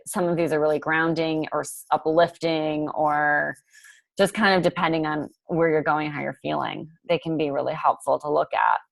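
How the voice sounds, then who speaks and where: Woman coach, casual chat, lower voice, dry close sound, lots of fillers. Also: creaky, dry recording. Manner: chatty, laughs often, lots of fillers. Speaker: coach hosting a group call.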